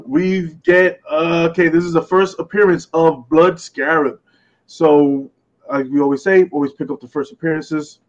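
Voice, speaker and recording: A man's voice: on the high side, fairly even intonation, normal speed, highs cut off. Laughing man reading comic credits. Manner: laughs often, reads credits with stumbles. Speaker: podcast co-host presenting comics. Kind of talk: casual podcast chat.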